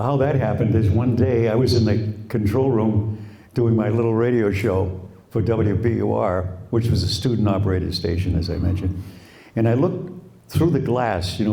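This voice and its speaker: An older man with a Boston accent tells anecdotes from his broadcasting career in an easygoing, unhurried way, slipping into quick voices for the people in his stories. His tone is mellow and warm rather than bright. He is recorded in a roomy space in front of a live audience, and the room echoes around him. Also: fairly low pitch, gravelly. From Quincy, Massachusetts. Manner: relaxed anecdotal storytelling, imitates voices. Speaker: retired radio broadcaster, guest. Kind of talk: storytelling at a live talk.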